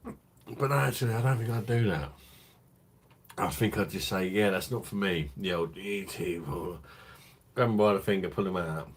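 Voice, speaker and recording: A man's voice: on the low side, moderate pace, long pauses, slightly rough. A man hosting a live stream, chatting casually with crude jokes and frequent laughter. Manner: laughing, crude banter with chat.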